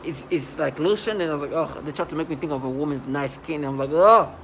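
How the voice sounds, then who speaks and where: A man talking in a rambling vlog monologue, halting and restarting, with sudden loud agitated outbursts. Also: fairly high pitch, slight background noise, rough recording. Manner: halting, many restarts and fillers. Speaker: vlogger.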